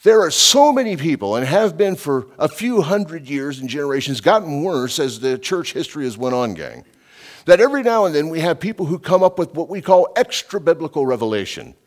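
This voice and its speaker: A middle-aged preacher known for radio Bible teaching walks through scripture verse by verse in an informal, chatty, emphatic way, regularly saying "you know" and leaving his notes behind. His slightly high voice swings widely in pitch and runs a little fast.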